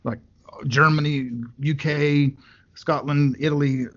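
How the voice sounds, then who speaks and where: A man's voice: on the high side, level tone, takes it slowly, fairly bright tone. A man from West Texas, rambling and joking as a podcast host in casual chat. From West Texas, USA. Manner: rambling, jokey storyteller. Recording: dull lo-fi sound.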